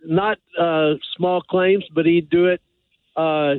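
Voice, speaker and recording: A man phones in and rambles through his story, stopping and restarting with plenty of ums and uhs. His voice sits a bit high and comes through a thin, tinny phone line. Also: steady tone, no echo. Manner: rambling, halting with many fillers. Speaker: caller. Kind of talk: phone-in call.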